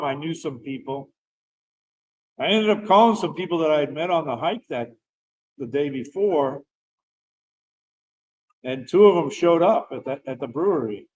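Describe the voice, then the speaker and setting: A man's voice: a little high, low-quality recording. A middle-aged man, a veteran guest, telling a personal story in a casual, rambling way. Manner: rambling, animated storyteller who laughs while talking.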